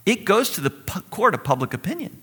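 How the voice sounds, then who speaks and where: A man preaching a sermon in a conversational, animated way, acting out the voices he quotes. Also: high voice, fairly quick, husky. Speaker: pastor.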